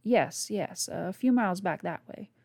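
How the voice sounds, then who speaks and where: A woman's voice: medium pitch, measured pace, vocal fry, darkish tone, no echo, studio quality. A woman voicing a sinister thin male drifter who puts on a folksy drawl. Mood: coy.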